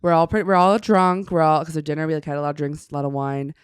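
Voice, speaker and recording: A woman in her thirties from Chicago, a guest comedian telling an animated, self-mocking story on a podcast. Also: low-pitched, fast, smooth, no room sound, studio quality. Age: 30s.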